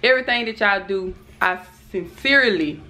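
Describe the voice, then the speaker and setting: A woman in her twenties talking in a casual unboxing vlog, excitable, breaking off to calm her kids. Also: medium pitch, normal speed, over music. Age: 20s. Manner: excitable, shrieks and laughs, talks to her kids between sentences. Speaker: vlogger.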